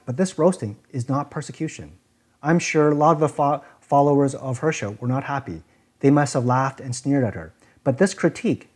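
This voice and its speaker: A man's voice: fairly high pitch, darkish tone. A man preaching a sermon in an earnest, explanatory way, often repeating himself to stress a point. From Chinese community.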